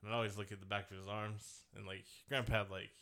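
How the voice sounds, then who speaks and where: A young man chatting loosely as a podcast co-host, with a bright, forward tone. He rambles from one thought to the next, laughs often and swears without a second thought. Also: on the low side, little pitch movement, fast, creaky. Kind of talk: casual chat.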